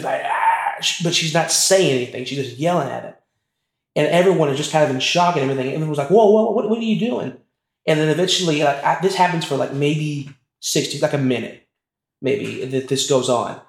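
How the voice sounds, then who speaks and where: A young man casually telling a family story, rambling with many fillers and restarts. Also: medium pitch. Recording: roomy echo.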